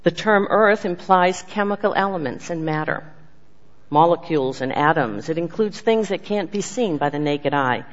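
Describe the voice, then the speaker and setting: An earnest speaker giving a sermon with personal testimony, swinging from emphatic lines to hushed ones. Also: medium pitch, expressive, moderate pace. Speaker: speaker giving a devotional message. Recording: dull lo-fi sound with long hall reverb.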